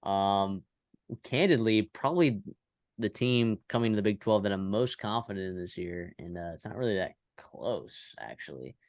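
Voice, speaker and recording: A man with a low voice co-hosts a sports podcast, briskly leading into each new topic in a casual tone. The recording is dry and close to the mic. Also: lively intonation, darkish tone, dry recording. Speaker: podcast co-host.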